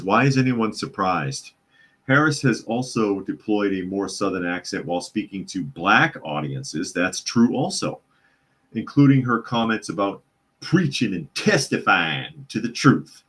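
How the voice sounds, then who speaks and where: A deep-voiced man hosts a live news podcast from his home. He talks casually and drops sarcastic, chatty asides while he reads out articles. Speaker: podcast host. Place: hot home room with a loud computer fan.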